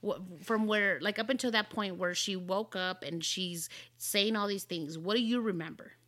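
A woman hosts her own podcast and tells a story in an animated, chatty way. Her voice is bright and ringing, and she sits at a middle pitch for a woman. She leans on "like" as she goes. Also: normal speed. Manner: animated, fills talk with "like". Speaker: podcast host. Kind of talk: casual storytelling chat.

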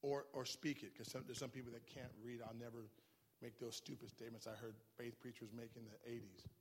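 A man preaching a sermon in a church, impassioned, swinging from quiet talk to shouting. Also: mid-range voice, flat delivery, a little fast, husky, big-room sound.

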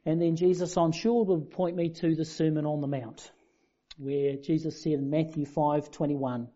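A man's voice: a little high, fairly even intonation, moderate pace, warm tone. A man preaching a sermon in a conversational, self-deprecating way. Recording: dull lo-fi sound.

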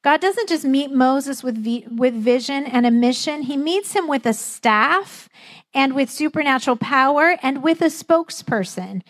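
A woman's voice: high voice, animated, moderate pace. A middle-aged woman pastor preaching a sermon in a conversational, lightly humorous way, acting out the voices she quotes.

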